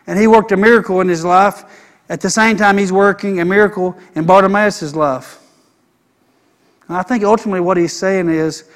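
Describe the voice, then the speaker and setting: A man's voice: sits high, steady tone, normal speed. A man preaching a sermon as a pastor, emphatic and repeating his phrases in building runs.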